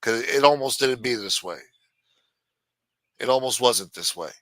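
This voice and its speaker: A man's voice: medium pitch, expressive, measured pace, fairly bright tone, no room sound. A middle-aged man hosting a live stream, ranting bluntly and swearing constantly. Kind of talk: profane ranting monologue.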